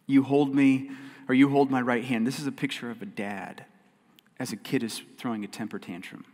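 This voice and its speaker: A man preaching to his congregation in an earnest, emphatic way, his voice sitting at a middling pitch. He repeats key lines and swings from loud stresses to hushed, quiet stretches. The sound carries a long reverb from the church hall around him. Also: fairly even intonation, normal speed. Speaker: pastor. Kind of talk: sermon. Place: church sanctuary.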